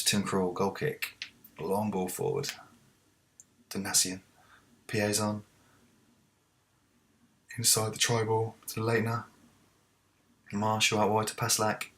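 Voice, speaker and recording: A man commentating live on a football management game, muttering to himself and then shouting at the players. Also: lowish voice, slow, pauses often. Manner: talks to the players, swings from muttering to excited shouts. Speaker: let's play host.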